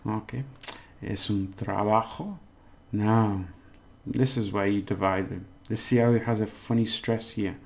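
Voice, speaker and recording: Male language tutor, patient and deliberate, gravelly, sounds out each syllable. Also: on the low side, fairly even intonation, darkish tone. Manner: patient, repeats words slowly syllable by syllable. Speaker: Spanish language teacher. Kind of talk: casual spoken language lesson.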